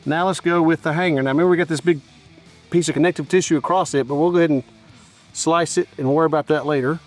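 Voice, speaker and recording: A man's voice: a little high, fairly even intonation, quick pace, soft background music. A middle-aged man hosting a barbecue cooking show outdoors at a grill, chatting enthusiastically and straight to his viewers as he tastes. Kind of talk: casual cooking and tasting commentary.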